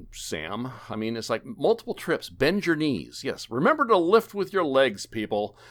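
A man's voice: mid-range voice, big pitch swings, normal speed, hardly any pauses, a bit bright. A man hosting a casual gaming podcast, rambling and joking with many fillers and restarts. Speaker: podcast host. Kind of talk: casual gaming podcast chat, wrapping up the show.

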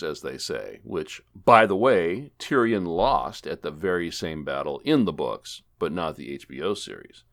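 Animated, theatrical male podcast host. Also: low-pitched, unhurried, few pauses. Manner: theatrical, jokey, swoops between loud and quiet. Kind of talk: comedic gaming podcast banter.

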